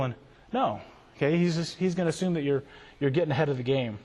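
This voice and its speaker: A man's voice: on the high side, lively intonation, quick pace, darkish tone. A man giving a conversational conference talk to ministry workers in a large hall, checking in with "okay?" and acting out quoted voices. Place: large hall with a live audience. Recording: long reverb from a large hall.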